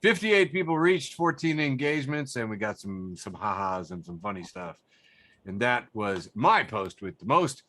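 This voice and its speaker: A man's voice: fairly low pitch, sing-song, normal speed, fairly bright tone. A man hosting a casual comedy podcast, reading out funny posts and laughing often between them. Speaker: podcast host.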